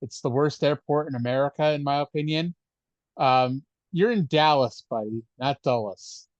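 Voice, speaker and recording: Sarcastic podcast co-host, dull dry sound. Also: male voice, a little high, normal speed, no room sound. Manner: sarcastic, profane. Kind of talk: casual chat.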